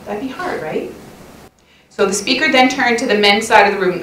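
A middle-aged woman giving a lively, chatty talk at a women's church conference session, often laughing and acting out little quoted lines. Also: mid-range voice, normal speed, slight background noise. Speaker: conference speaker. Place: church hall. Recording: echoey church hall recorded from far off.

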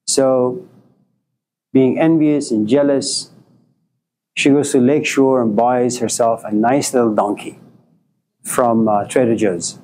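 A man giving a storytelling lecture to a class, wry and joking, in an unhurried way. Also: mid-range voice, steady tone, a little mellow. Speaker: philosophy lecturer.

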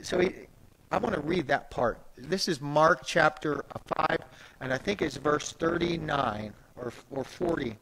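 A man preaching a sermon as pastor, animated and conversational, swinging from soft asides to loud emphatic peaks. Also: a little high, measured pace, vocal fry, slight background noise, rough recording. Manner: conversational, retells scripture in everyday speech.

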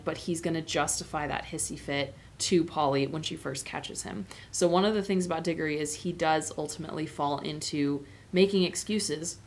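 Chatty woman teacher, lowish voice. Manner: chatty, discursive, many fillers. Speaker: literature teacher. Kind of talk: informal lecture on a novel.

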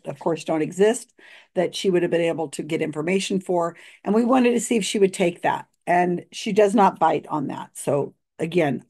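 A woman's voice: lowish voice, a little mellow. A tired woman hosting a casual video commentary, chatty and laughing often between fillers. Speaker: video host reviewing a psychic reading.

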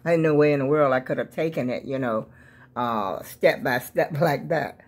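A woman's voice: very deep voice, moderate pace. A woman in her seventies chatting casually to her viewers in a rambling, folksy way, often calling them y'all. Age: 70s. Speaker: vlogger. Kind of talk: casual chat to camera.

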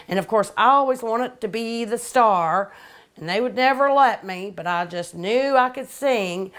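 Chatty woman telling family stories. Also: fairly high pitch. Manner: chatty, nostalgic, repeats herself. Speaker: cooking show host. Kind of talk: casual storytelling to camera.

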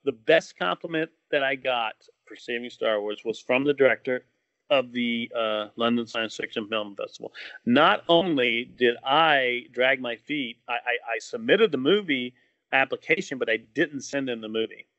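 A man, a filmmaker guest, telling stories in casual podcast chat, animated and laughing often. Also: mid-range voice, normal speed, dry recording. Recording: dull lo-fi dry sound.

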